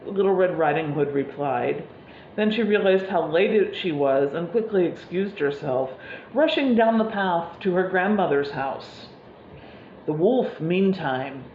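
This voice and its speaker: A woman's voice: lowish voice, slight background noise. Woman preacher telling a story. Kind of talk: sermon storytelling. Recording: echoey room, slightly dull sound.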